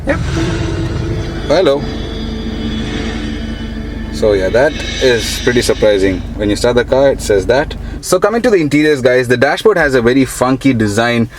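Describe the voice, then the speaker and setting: A man's voice: mid-range voice, animated, fairly quick, few pauses, over music. A young man gives a casual, upbeat car review, talking straight to viewers as he walks around a showroom and a lot outside. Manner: chatty, upbeat, addresses viewers as guys. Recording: noisy street and car ambience.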